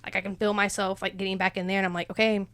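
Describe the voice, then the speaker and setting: A woman's voice: medium pitch, level tone, racing, a bit bright, clean tone, no room sound. A young woman, rambling and emotional as she opens up in a casual faith chat, laughing often. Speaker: podcast co-host.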